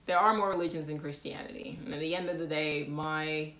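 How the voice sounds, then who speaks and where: A woman hosting a casual livestream, talking in an animated way with frequent laughs, fillers and restarts. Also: deep voice, fairly quick, roomy sound. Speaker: livestream host.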